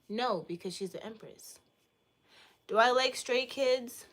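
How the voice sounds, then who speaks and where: A woman's voice: fairly high pitch, unhurried. Playful joking young woman streamer. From Boston, United States. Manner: playful, joking, crude and teasing. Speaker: livestreamer answering chat. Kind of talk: casual livestream chat.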